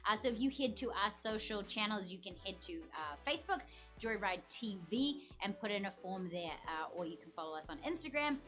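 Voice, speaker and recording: A woman's voice: medium pitch, animated, a little fast, a bit bright, soft background music. A woman hosting a live online trivia game from an office studio, upbeat and chatty as she reads out viewer comments. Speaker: quiz show host.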